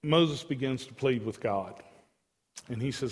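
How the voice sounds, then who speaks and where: A man's voice: mid-range voice, unhurried, husky. A man preaching an evening sermon as pastor, earnest and emphatic, with pleading asides, in a church sanctuary. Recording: long church hall reverb.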